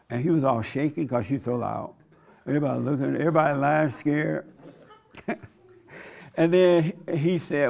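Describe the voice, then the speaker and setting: A man's voice: fairly high pitch, normal speed, creaky, pauses often, darkish tone. A man preaching an informal sermon, blunt and conversational, with a folksy way of telling stories. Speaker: preacher and host.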